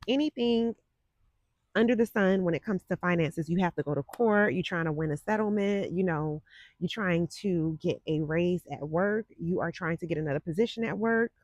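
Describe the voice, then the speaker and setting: A woman's voice: fairly low pitch, normal speed, darkish tone, no room sound, highs cut off. Sassy forties lady doing a psychic live stream, chatty, talks right to the chat, dry close mic sound. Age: 40s. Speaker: psychic livestream host. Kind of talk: casual livestream chat. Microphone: desk microphone.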